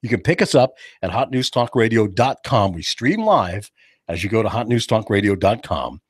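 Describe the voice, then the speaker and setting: A talk radio host with a fairly low, slightly rough voice chats casually and jokingly in a studio at a moderate pace. He's animated and jokey, acting out other people's voices, and the studio microphone gives a dry recording.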